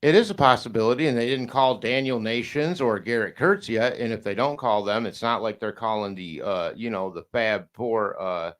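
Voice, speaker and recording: A man talking casually as a podcast guest, rambling and halting with many restarts, now and then swearing and laughing. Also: fairly low pitch.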